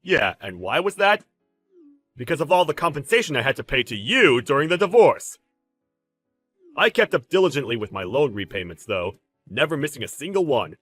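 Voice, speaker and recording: An actor playing a brash, clueless ex-husband who gets defensive and whiny. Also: male voice, mid-range voice, very animated, moderate pace, a bit bright, soft background music. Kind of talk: audio drama acting.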